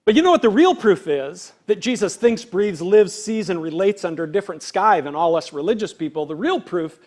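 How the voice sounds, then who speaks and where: A male pastor delivers an earnest sermon in a fairly high voice. He talks to the congregation conversationally, leaning on rhetorical questions. When he acts out quoted voices, he swings from loud declarations to near-hushed lines. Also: expressive, fairly quick.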